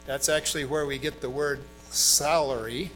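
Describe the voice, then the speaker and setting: A man's voice: fairly high pitch, fairly even intonation, moderate pace, fairly bright tone, soft background music, low-quality recording. A middle-aged man who grew up in Brazil, preaching a sermon in a conversational way, with fillers and emphatic stresses. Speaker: pastor.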